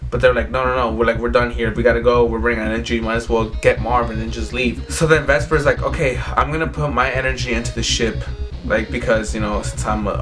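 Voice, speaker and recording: A man's voice: mid-range voice, a bit bright. A man casually recapping episodes, rambling and filling his talk with "like" as he paraphrases what characters say. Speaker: recap host. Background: faint background music.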